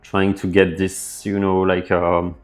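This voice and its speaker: Laid-back developer streamer, male, lowish voice, easygoing chat over faint music. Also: slow. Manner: relaxed, thinks aloud with fillers, reads chat messages out. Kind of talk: casual live stream chat reading viewer comments.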